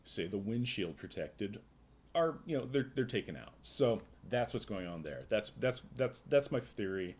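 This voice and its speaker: A man with a fairly low voice and a lively, swooping delivery chats on a comic book podcast. He lays out his playful, tongue-in-cheek science theories at length, in an easygoing way. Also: moderate pace. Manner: explains in long, playful pseudo-scientific theories. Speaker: podcast co-host. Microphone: podcast microphone.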